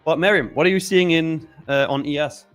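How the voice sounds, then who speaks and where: A man's voice: fairly high pitch, a little fast, soft background music. A man co-hosting a live trading stream, giving casual market commentary and thinking aloud with fillers.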